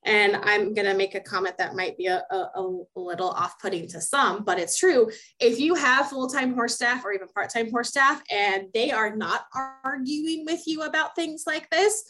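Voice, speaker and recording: Young woman on a podcast, fairly high voice, emphatic, laughs a lot. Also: normal speed, few pauses, sharp tone, poor audio. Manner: emphatic, laughs often, repeats words when thinking. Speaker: podcast co-host, horse program specialist. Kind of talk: casual podcast chat.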